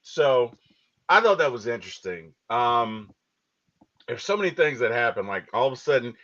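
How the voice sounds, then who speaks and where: A podcast co-host, male, chats casually about a movie at a moderate pace and medium pitch. He tells stories with animated energy, acting out quotes along the way. The audio is dull and lo-fi.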